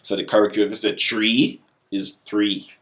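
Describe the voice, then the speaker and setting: A deep-voiced man with a Jamaican accent walks through basic patois phrases in a laid-back video lesson. He repeats each example in dialect before giving the plain English version. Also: flat delivery, normal speed, fairly bright tone. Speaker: vlogger teaching patois.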